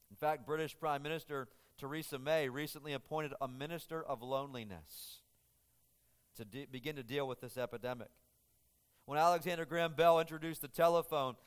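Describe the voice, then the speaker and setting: Pastor preaching in a reverberant hall. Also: male voice, on the high side, clear, resonant tone. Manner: earnest, conversational preaching with frequent restarts. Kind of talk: sermon.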